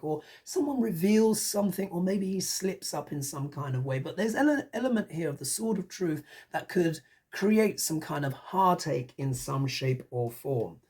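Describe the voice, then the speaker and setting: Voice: mid-range voice, a little mellow, breathy edge. A tarot reader giving a casual, musing reading, talking it through aloud and often tossing in rhetorical questions.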